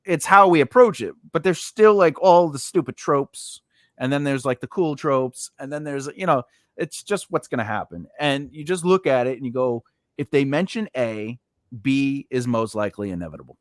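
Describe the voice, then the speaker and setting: A man's voice: mid-range voice, lively intonation, moderate pace, no echo, studio quality. A man hosting a casual chat over a video call, telling rambling stories full of fillers and restarts. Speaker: podcast host.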